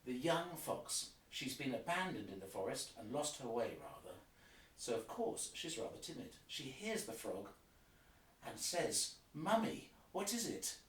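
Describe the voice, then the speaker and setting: In a sing-song, unhurried mid-range voice with a slight brightness, a man leads a guided listening tour of an opera, scene by scene, occasionally singing short motifs. The mic is distant, and the roomy recording features piano.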